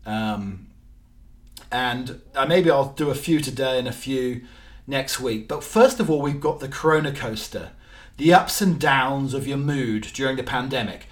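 A man's voice: mid-range voice, a little slow. A man hosting his own show in casual, rambling chat, joking and full of ums and restarts. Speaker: podcast host. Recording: roomy, distant mic, faint music.

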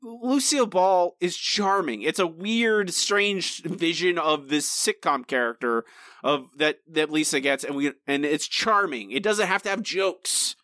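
A man co-hosting a podcast in casual chat, animated and teasing with mock indignation. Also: fairly high pitch, a little slow, no room sound, studio quality. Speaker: podcast co-host.

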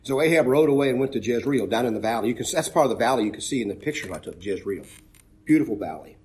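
A man preaching a sermon, retelling a Bible story in an earnest way that rises to emphatic peaks and drops low again. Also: lively intonation, quick pace, darkish tone.

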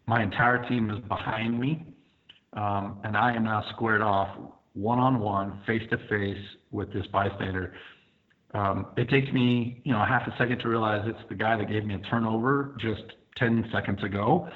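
Over what sounds like a tinny phone connection, a man with a lowish, steady voice tells his firefighting experience in the first person at a moderate pace. He walks through events step by step, vividly and with plenty of filler words.

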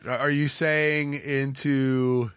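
A man hosting a podcast in casual comedic chat, with a gravelly voice, joking and laughing often. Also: a little high, fairly bright tone, no echo, studio quality. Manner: jokey, laughs often, exclamations. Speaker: podcast host.

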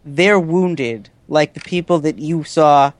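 A man narrates a tabletop game as its game master, setting scenes with halting restarts. His voice sits a little high. It is recorded close and dry, with no room sound. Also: dry recording.

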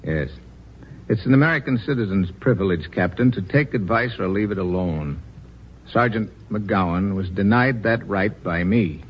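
A patient, earnest army chaplain, played by an actor, gentle and persuasive, with a fairly low voice. It comes through a dull 1940s radio broadcast with faint hiss. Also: male voice, lively intonation, moderate pace, lightly acted.

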